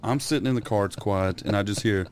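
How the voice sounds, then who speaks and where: A man's voice: on the low side, quick pace, a little hiss or hum. A man co-hosting a podcast, telling stories and trying out impressions, laid-back and profane, laughing often. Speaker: podcast co-host. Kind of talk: casual chat doing impressions.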